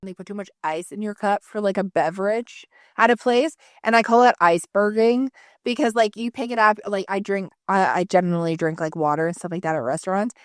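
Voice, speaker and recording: Woman podcast co-host, mid-pitched, dry close mic, animated storyteller who swears freely. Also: a little fast, dry recording. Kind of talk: casual chat.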